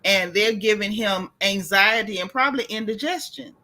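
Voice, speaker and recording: An American woman hosts a casual chat about reality TV. Her voice is bright and forward, and she talks in a sassy, emphatic way, often restarting her sentences. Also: medium pitch, normal speed. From United States. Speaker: host.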